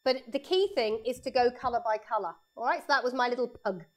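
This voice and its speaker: A woman with a slightly high voice talks quickly as she teaches kids to paint live from her studio. Speaking into a lapel mic, she chats and walks them through each step of her drawing.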